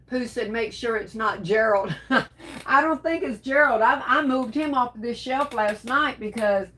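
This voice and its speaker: A woman's voice: a little high, a little slow, bright, forceful tone. A woman hosting a crafting livestream, reading viewer comments aloud and greeting people as baby and darling, sneezing and coughing now and then.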